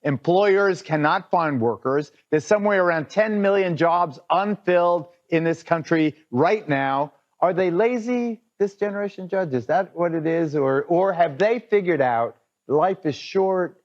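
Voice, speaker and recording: A man with a notably high voice hosts a televised panel. He sets up the story with punchy, sarcastic framing. The sound is dull and lo-fi, like a replayed TV clip. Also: unhurried. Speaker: TV panel host. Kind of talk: broadcast panel commentary.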